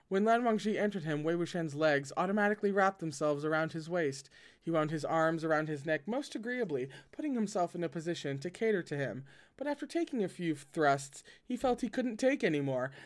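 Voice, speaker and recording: A man reads a novel aloud in a casual way, stopping often for wry, joking asides. His voice sits a little high for a man. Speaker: host reading a novel aloud. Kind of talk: casual read-aloud with commentary.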